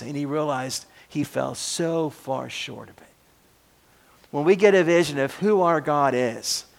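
A male pastor preaching a sermon, building up on repeated words and then dropping to a quiet close, with occasional restarts. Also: a little high. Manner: occasional restarts and self-corrections.

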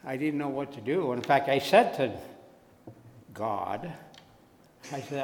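A man preaching a sermon, telling his own story slowly, dropping to soft tones and then rising loud. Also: medium pitch, a little hiss or hum. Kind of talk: sermon testimony. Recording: echoey hall with long reverb.

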